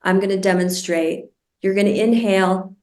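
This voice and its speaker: A woman meditation teacher guiding a group through a breathing practice, speaking slowly and deliberately, over a video call. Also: mid-range voice, fairly even intonation, darkish tone. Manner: slow, deliberate, soothing instruction. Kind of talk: guided meditation instruction. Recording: roomy and distant from the mic.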